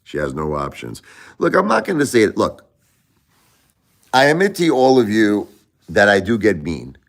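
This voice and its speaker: A middle-aged man vents to his live-stream audience. His voice sits very low, and he circles back over the same points with stammering restarts. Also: very animated, moderate pace, gravelly. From Brooklyn, New York. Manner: ranting, repetitive, stammering restarts. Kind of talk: casual live-stream rant.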